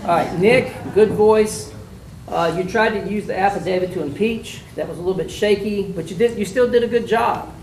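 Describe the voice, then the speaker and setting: A man's voice: sits high, normal speed, a little mellow, slight background noise. A man acting as a mock trial judge, giving plainspoken spoken critiques to students with many fillers, recorded from far off in an echoey room.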